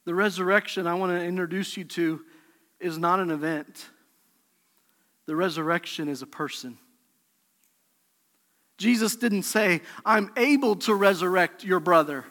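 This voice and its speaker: Pastor, male, high bright voice, passionate sermon delivery, long reverb of a large church hall. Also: a little slow, pauses often. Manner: impassioned preaching, swings from soft to shouting.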